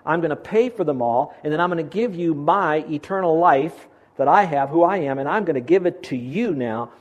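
A man's voice: lively intonation, a little fast, highs cut off. Earnest man preaching a sermon. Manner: earnest, rises in pitch for emphasis. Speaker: pastor. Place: church.

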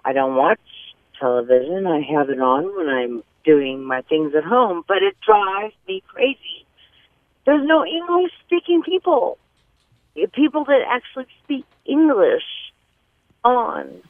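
A woman phones in to air a complaint, pausing and filling gaps as she rambles on. Her voice comes over a tinny, dry phone line, slow and unhurried, rising and falling a lot. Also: mid-range voice, very animated, dry recording. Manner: hesitant, rambling with many fillers. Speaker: caller. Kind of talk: call-in radio complaint.

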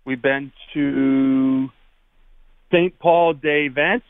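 A man's voice: mid-range voice, steady tone, very slow, no echo. A man with a Boston accent calling in to a radio show, talking playfully. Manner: joking, playful. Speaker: caller. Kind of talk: casual phone chat. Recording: tinny phone line.

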